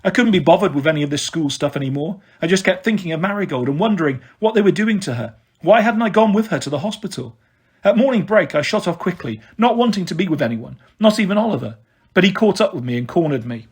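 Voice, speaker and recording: A man reading a children's novel aloud in a steady first-person narration. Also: sits high, fast talker, husky. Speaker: storyteller.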